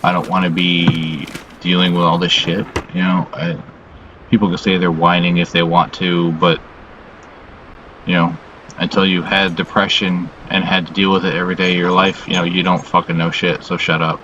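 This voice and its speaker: Male vlogger: deep voice, worn-out and halting, curses freely, steady background hiss. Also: lo-fi sound. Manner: halting, heavy on "you know" fillers, frequent swearing; weary and subdued. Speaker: channel host. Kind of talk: casual confessional vlog monologue.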